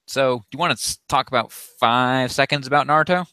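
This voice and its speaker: Man, podcast co-host, bright edgy tone, matter-of-fact, close dry mic. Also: mid-range voice, normal speed, smooth, no echo. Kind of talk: casual chat, introducing episodes.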